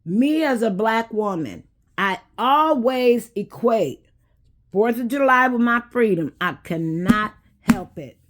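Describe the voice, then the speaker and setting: A woman, hosting a casual talk and speaking in an unhurried, preachy way that addresses viewers directly. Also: fairly high pitch, lively intonation. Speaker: host.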